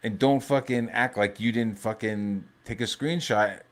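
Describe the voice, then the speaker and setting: A man hosting a live stream in a casual, rambling rant. His voice sits on the low side, and he swears freely and jumps between thoughts. He often restarts his sentences. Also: unhurried. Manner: profane, rambling, animated. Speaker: livestream host.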